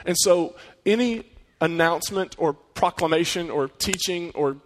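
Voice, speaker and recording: A man delivers a sermon with a slightly higher voice than most men, speaking earnestly and conversationally. He keeps turning to his listeners with rhetorical questions, and his voice carries a long reverb as if he were in a large hall. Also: measured pace, a little hiss or hum. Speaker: pastor.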